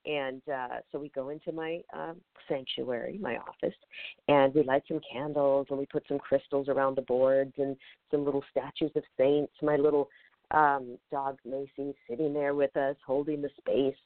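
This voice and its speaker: A woman's voice: extremely low pitch, flat delivery, normal speed, no echo. A woman hosting a show, telling a personal story in a rambling, hesitant way. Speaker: podcast host. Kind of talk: casual storytelling. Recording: tinny phone line, dry.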